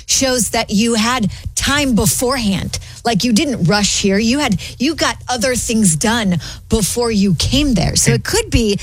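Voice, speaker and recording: A woman's voice: on the high side, unhurried, slightly rough, no room sound. A woman co-host on a radio show, giving upbeat, easygoing opinions. Her voice sits in a dry, close studio sound. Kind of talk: casual radio chat.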